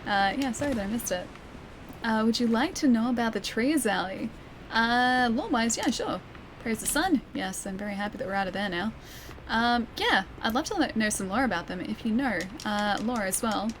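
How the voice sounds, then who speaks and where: A woman's voice: on the high side, lively intonation, normal speed, slight background noise. Giggly Australian woman streaming a game. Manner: chatty, giggly, reads chat aloud. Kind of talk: casual gameplay commentary.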